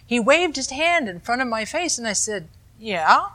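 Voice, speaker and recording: Bright-voiced woman giving a dharma talk. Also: on the high side, normal speed. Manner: calm, explanatory teaching with conversational asides. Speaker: meditation teacher.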